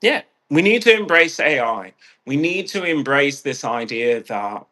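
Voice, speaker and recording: A man's voice: medium pitch, lively intonation, takes it slowly, pauses often, bright, forceful tone. A man with a stuffed-up nose, rambling and ranting in a casual vlog, swearing freely and restarting his phrases. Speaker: vlogger.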